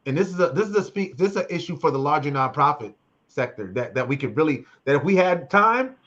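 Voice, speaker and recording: A high-voiced man hosts a casual video call panel. He talks with preachy passion, repeating lines for emphasis, over dull lo-fi call audio. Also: lively intonation, quick pace, a bit bright. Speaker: host.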